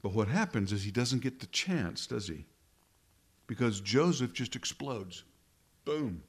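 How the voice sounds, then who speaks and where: A man's voice: medium pitch, lively intonation, unhurried, breathy edge. Man preaching with rhetorical questions. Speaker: pastor. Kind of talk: sermon.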